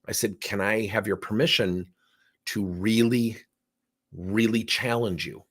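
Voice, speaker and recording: A man's voice: lowish voice, a little slow. A middle-aged man who trains coaches, telling a story in a session and acting out the dialogue with theatrics. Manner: animated, acts out dialogue with theatrics.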